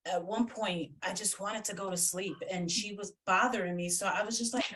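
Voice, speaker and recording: A woman's voice: mid-range voice, steady tone, moderate pace, fairly bright tone. Woman psychic medium, casual guest, blunt and salty-mouthed, distant video-call audio. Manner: blunt, swears freely. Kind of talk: casual chat. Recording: distant from the mic.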